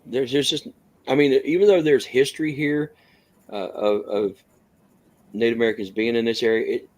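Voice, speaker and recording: A man's voice: medium pitch, steady tone, normal speed. A man from West Virginia hosting a casual open-mic podcast, talking in an easygoing way with frequent restarts. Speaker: podcast host.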